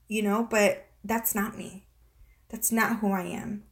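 A woman's voice: mid-range voice, fairly even intonation, a bit bright. Emotional woman confiding on her vlog. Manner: halting and tearful, many restarts and fillers. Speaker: vlogger. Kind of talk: personal confessional vlog.

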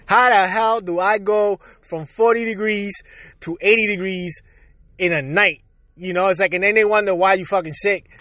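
A man's voice: high voice, steady tone, normal speed, bright, forceful tone, no echo. A man from Puerto Rico hosting his own show, ranting casually and profanely and laughing between lines. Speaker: podcast host. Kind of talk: casual solo rant.

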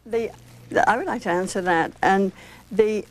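A woman's voice: mid-range voice, normal speed. Firm, assertive woman panelist. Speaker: debate panelist. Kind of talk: heated televised debate.

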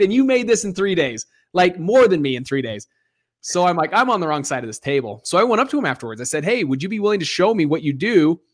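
A man in his thirties, an interview guest who tells his story in a lively way and acts out the other voices. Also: a little high, fast talker. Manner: animated storyteller acting out dialogue. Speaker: guest, real estate investor.

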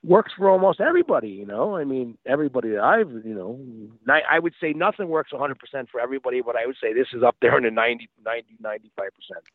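A man telling stories as a guest over the phone. He talks in a lively, casual way, repeats words and acts out quotes. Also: mid-range voice, no room sound. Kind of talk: casual storytelling. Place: outdoors by a street. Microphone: phone call. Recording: tinny phone line, dry.

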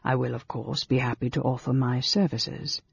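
A man reading a story aloud, voicing a calm, scheming male elf senator in a low, quiet, sarcastic tone. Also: normal speed, vocal fry, slightly rough, no echo. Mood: sly. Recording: dull, dry lo-fi recording.

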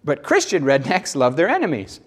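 A man with a Southern US accent preaching a sermon, animated and folksy, acting out little voices and jokes. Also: a little high, normal speed, husky. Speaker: pastor.

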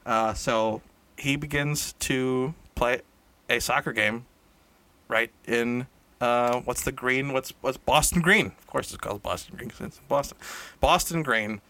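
Bright-voiced man rambling through a comic story. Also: mid-range voice, unhurried, dry recording. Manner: rambling, self-correcting, laughs at own jokes. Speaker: storyteller improvising a tale. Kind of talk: casual improvised comic storytelling. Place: indoor room shared with a co-host.

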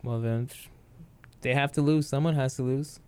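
Playful teasing man, smooth voice. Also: medium pitch, fairly even intonation, normal speed, darkish tone. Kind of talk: casual chat.

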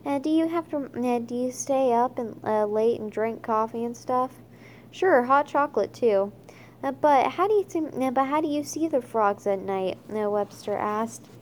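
A woman reading a children's chapter book aloud, halting often with fillers and restarts. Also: fairly high pitch, lively intonation, darkish tone, slight background noise. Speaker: reader.

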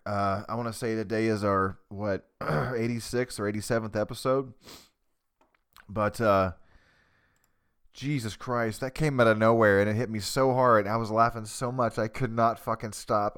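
A man's voice: lowish voice, fairly bright tone, smooth. A man hosting a casual podcast from his basement, rambling profanely and mocking himself. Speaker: podcast host. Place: home basement. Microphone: cheap desktop USB mic.

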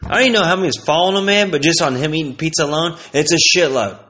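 A man's voice: a little high, rapid-fire, bright, forceful tone. Exasperated, swearing man ranting. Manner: profane, exasperated, rambling. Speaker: vlogger. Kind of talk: casual ranting monologue.

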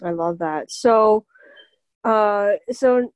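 A woman's voice: medium pitch, extremely slow, no echo. A woman hosting a podcast, asking questions with enthusiasm and often affirming her guest. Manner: enthusiastic interviewer, frequent affirmations. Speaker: podcast host. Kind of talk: casual podcast interview.

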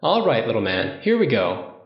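A man's voice: mid-range voice, huge pitch swings, moderate pace, echoey room. A man voicing an indulgent father who teases his son in a conspiratorial way, in a dull lo-fi recording.

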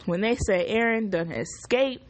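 A woman hosting a casual solo podcast, recapping a show in an animated, profane, exclamatory way. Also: medium pitch, a little slow. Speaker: podcast host.

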